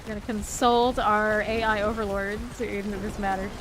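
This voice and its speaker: A woman's voice: mid-range voice, little pitch movement, normal speed, hardly any pauses, noisy background. A woman streaming a game and chatting casually with her viewers, laughing often as she reads and answers chat.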